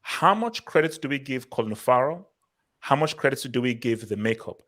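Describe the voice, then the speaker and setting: A man's voice: mid-range voice, lively intonation, normal speed, a bit bright. Opinionated man hosting a film chat. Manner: opinionated, talks in long run-on thoughts. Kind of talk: casual film review chat.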